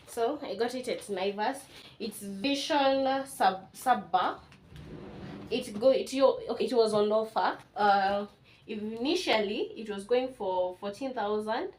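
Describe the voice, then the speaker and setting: In a mid-range voice over slight background noise, a Kenyan vlogger in her twenties chats casually and with emotion as she unboxes things inside her home.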